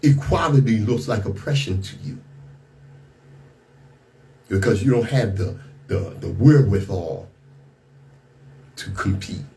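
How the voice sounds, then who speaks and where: A man's voice: on the low side, expressive, a little slow, pauses often, mellow. A man hosting a radio talk show, giving outspoken, indignant commentary on the news and often repeating and restarting his words.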